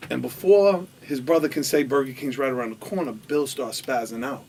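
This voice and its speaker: Gravelly man telling a wild story. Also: medium pitch, normal speed, long pauses, darkish tone, recorded from a distance, a little hiss or hum. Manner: acts out quoted voices, laughing. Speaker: storytelling guest. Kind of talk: animated anecdote telling.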